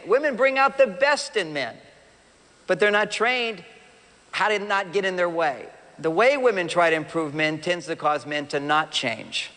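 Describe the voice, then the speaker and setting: Man, high-pitched voice, animated seminar speaker, addresses the crowd, long hall echo. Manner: animated, acts out quoted partners and addresses the audience directly. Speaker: relationship speaker. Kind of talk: live seminar talk. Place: large hall with a live audience.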